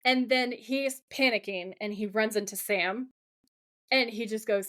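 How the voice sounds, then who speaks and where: A woman co-hosting a podcast, gushing and excitable as she recaps a TV episode, swearing and laughing often. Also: medium pitch, unhurried. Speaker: podcast co-host. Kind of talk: casual episode recap chat.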